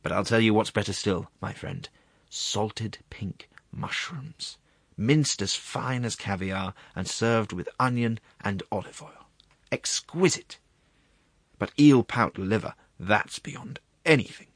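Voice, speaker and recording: A man's voice: fairly low pitch, takes it slowly, no room sound. A man voicing a gluttonous male clerk who describes food in a rapturous half whisper. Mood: dreamy.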